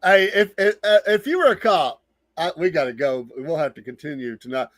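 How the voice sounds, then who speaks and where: A male morning show co-host with a slightly high voice, recorded dry and close. He jokes along casually and stumbles over repeated words as he gets going. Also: fairly quick, no room sound. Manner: relaxed, joshing, repeats words. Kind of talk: casual joking chat.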